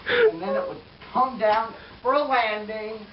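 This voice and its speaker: A man's voice: very high voice, wildly swooping pitch, a little slow, lo-fi sound, noisy background, exaggerated voice. A man playing a boastful, crude pro scooter rider in a mock interview comedy sketch, rambling and bragging.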